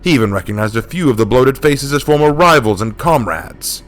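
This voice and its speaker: A man telling a dark war story in a steady, dramatic scripted narration. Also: mid-range voice, a little fast, faint music behind.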